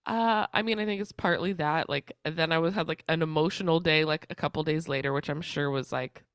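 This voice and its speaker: A woman's voice: low-pitched, fairly quick, clear, resonant tone, no room sound, studio quality. A young woman co-hosting a casual podcast, congested and chatty, rambling with lots of fillers. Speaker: co-host.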